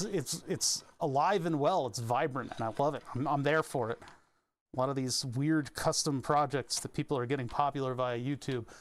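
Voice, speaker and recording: A man chatting casually on his stream, rambling and restarting sentences with little chuckles. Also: medium pitch. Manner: rambling, self-interrupting, chuckling.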